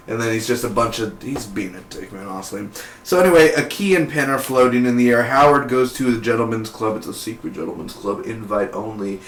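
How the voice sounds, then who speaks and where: A man's voice: on the low side, a little fast, fairly bright tone. A man giving a casual, rambling recap review of a TV episode in an offhand, slangy way. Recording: roomy echo.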